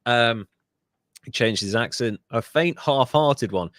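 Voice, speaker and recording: A man's voice: mid-range voice, takes it slowly, fairly bright tone, no room sound, studio quality. A Welsh man hosting a podcast, telling a true-crime story in a casual way with asides and self-corrections. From Wales. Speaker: podcast host.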